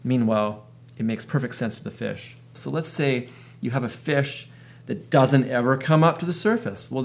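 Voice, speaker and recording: A man in his thirties thinking aloud in a reflective monologue, working through an analogy as he goes. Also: mid-range voice. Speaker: video host.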